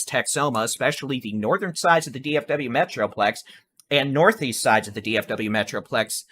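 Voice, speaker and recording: Speaking from a home studio with an air conditioner, a man delivers live severe weather coverage in a conversational, reassuring manner. He has a medium-pitched voice with a sharp tone and addresses viewers directly as folks.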